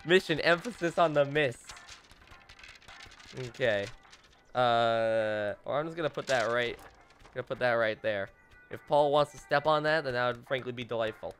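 A man's voice: mid-range voice, moderate pace, pauses often, a bit bright, faint music behind. A young man doing playful gameplay commentary as a let's play host, teasing and mock-dramatic, talking straight to the game characters.

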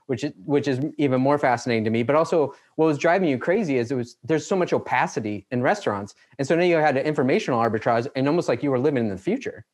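Fast-talking male interview host. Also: mid-range voice, lively intonation, darkish tone. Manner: fast-talking, reflective, sums up the guest's story. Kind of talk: conversational interview.

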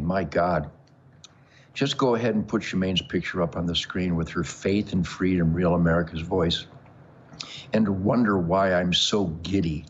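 The older man hosting this show has a low, slightly rough voice, heard through muffled audio. Addressing the camera, he rambles with bombastic boasting and jokes, laughing often.

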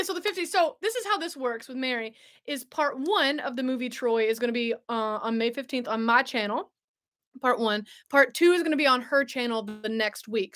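Bubbly high-voiced woman livestreaming. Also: fairly bright tone. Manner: bubbly, laughs often, chats with viewers. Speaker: host. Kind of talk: casual livestream chat.

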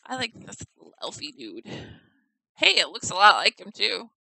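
A woman's voice: mid-range voice, sing-song, moderate pace, vocal fry, sharp tone, no echo, low-quality recording. A woman giggling and thinking aloud in casual commentary as she tours a house in a game. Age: adult. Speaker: gamer touring a player-built house.

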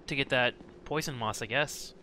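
A man giving casual, jokey game commentary while playing co-op, with excitable yelps and laughs. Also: mid-range voice, moderate pace, a little hiss or hum. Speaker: co-op let's play gamer.

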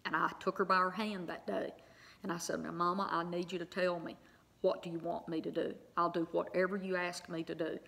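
A woman's voice: on the low side, flat delivery, fairly quick, gravelly, a bit bright. A middle-aged woman telling a personal story to her viewers in a chatty way, full of fillers and little tag questions. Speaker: online Bible teacher.

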